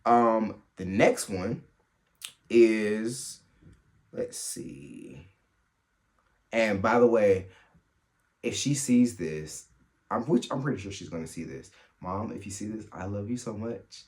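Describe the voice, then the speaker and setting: A man hosting a solo podcast, telling funny family stories in a casual, animated way and laughing as he goes. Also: on the low side. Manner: animated, laughs through his stories, quick asides. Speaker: podcast host. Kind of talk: solo storytelling chat.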